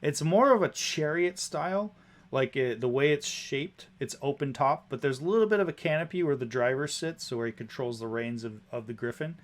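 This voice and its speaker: A man's voice: medium pitch, brisk. A man narrating a tabletop game as game master, describing scenes with casual fillers.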